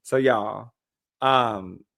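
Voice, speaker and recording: A man's voice: fairly low pitch, extremely slow, vocal fry, fairly bright tone, no echo, studio quality. A man in his thirties, a podcast co-host, giving frank and chatty travel advice. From United States. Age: 30s. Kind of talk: casual chat.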